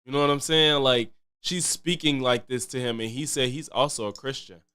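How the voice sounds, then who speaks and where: A man's voice: medium pitch, normal speed, sharp tone, clear, resonant tone. A man commenting casually on a live stream, loose and chatty, repeating himself and thanking viewers. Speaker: streamer reacting to clips.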